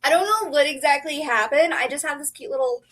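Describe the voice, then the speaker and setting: A young woman chatting casually to camera as a book vlogger, bubbly and excitable, full of "like" and "um". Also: sits high, a little fast, low-quality recording.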